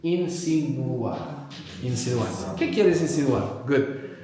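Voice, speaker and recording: A man teaching a live language workshop, animated and repeating words slowly so they sink in. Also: mid-range voice, crowd noise. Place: large echoey venue with live audience. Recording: very echoey hall.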